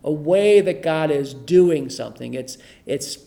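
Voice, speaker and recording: A man's voice: a little high, animated, unhurried, vocal fry, mellow, soft background music. A middle-aged man leading an informal Bible study, reading scripture aloud and explaining it in a conversational way, often repeating his phrases. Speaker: pastor teaching a Bible study.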